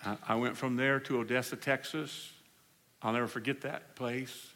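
A man preaching at a healing service, telling stories in an animated way and laughing along with the congregation. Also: mid-range voice, moderate pace. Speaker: evangelist. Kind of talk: storytelling sermon. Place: church service. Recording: hall reverb, faint room noise.

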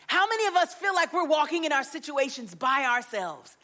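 A woman with a notably high voice preaching a sermon. She speaks earnestly and expressively, retelling a scripture story with conviction. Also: sing-song, fairly quick, pushed and bright.

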